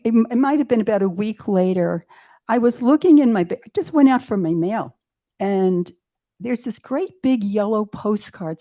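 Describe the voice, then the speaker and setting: A woman in her eighties, a guest in an interview, telling her story in a casual, animated way and acting out her own doubting thoughts with self-mocking humor. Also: medium pitch. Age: 80s. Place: retreat center in Mexico.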